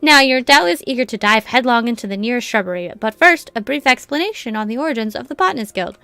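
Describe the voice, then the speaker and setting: A woman's voice: on the high side, animated, fast talker, sharp tone, clean tone, no echo. A woman reading as a long-winded guild lecturer. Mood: lecturing. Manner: chatty, lecturing reading of game dialogue. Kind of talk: reading game dialogue aloud.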